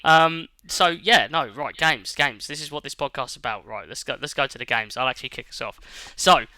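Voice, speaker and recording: A man co-hosting a gaming podcast, chatting casually, animated and laughing often, with some swearing. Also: medium pitch, normal speed, no room sound. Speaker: podcast co-host. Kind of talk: casual chat.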